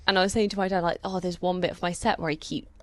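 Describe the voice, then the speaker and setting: A woman co-hosting a podcast in casual chat, chatty and quick to laugh and joke. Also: on the low side, steady tone, no echo. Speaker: podcast co-host and stand-up comedian.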